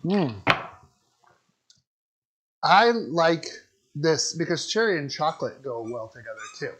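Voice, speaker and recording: In his home kitchen, this cooking podcast co-host tells jokes and laughs often during casual chat over the stove. His slightly high voice swings widely in pitch, sounding a bit bright with a breathy edge, at a measured pace. The audio quality is poor.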